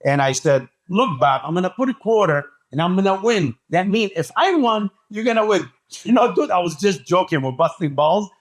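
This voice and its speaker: A man telling a story as a podcast guest, talking excitedly and acting out what people said. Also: sits high, moderate pace. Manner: acts out quoted dialogue, excitable. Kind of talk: animated storytelling.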